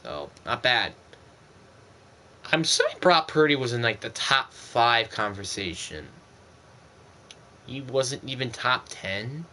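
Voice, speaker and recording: A man's voice: medium pitch, animated, takes it slowly, pauses often, pushed and bright, slight background noise. A young man streaming a football video game, giving casual gameplay commentary in an exasperated, ranting way.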